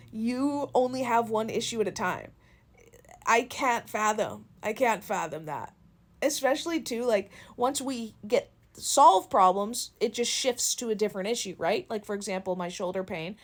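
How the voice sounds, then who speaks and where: Young woman, casual vlog, swears a lot, animated storytelling, phone mic, middle-pitched voice. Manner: profane, animated storytelling with laughs. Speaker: content creator.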